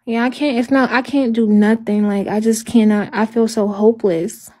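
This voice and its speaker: A woman talks through her troubles on a livestream. Her speech comes in halting, repetitive bursts and carries a despairing note. The voice sits fairly high but sounds dark and mellow. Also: steady tone. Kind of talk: emotional livestream talk.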